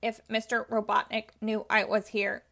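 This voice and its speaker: A woman's voice: mid-range voice, little pitch movement, moderate pace, gravelly, fairly bright tone. A woman reading aloud and voicing a polite, clunky old male robot who speaks in a deferential, formal way. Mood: polite, earnest.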